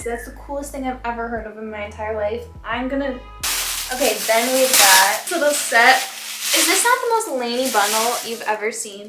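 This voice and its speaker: A woman in her twenties doing a casual unboxing vlog, gushing and squealing with excitement. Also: a little high. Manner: gushing, squealing excitedly, says "shut up" and "oh my God". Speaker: fashion vlogger. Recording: echoey room with faint background music.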